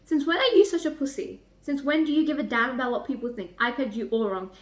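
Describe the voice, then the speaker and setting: A woman reads a blunt, teasing young man who swears freely and pushes his point hard. The voice stays fairly high, a bit lower than her own chatter, as she reads the lines straight from the book. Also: fast, echoey room. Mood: cocky. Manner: read aloud from a novel, slightly lower and flatter than her chatter.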